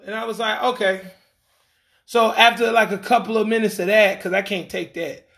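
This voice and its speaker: A man talks in a loose, rambling monologue, full of slang and false starts. His voice sits high for a man. He slips into quoted voices to act out the people in his story. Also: moderate pace. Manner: rambling, animated, acts out quoted lines; frequent fillers and restarts, slangy.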